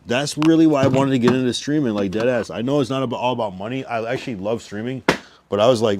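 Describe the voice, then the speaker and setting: There's background noise as a young man livestreams, his medium-pitched voice moving quickly. As a streamer in casual chat, he swears and uses plenty of slang, sounding drunk, overfull, and a little out of breath.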